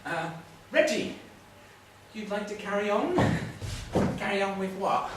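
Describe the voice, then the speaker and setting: A man's voice: sits high, lively intonation, a little slow. Man doing a self-help group leader, patient, coaxing, far-off echoey noisy recording. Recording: echoey room from afar, noisy.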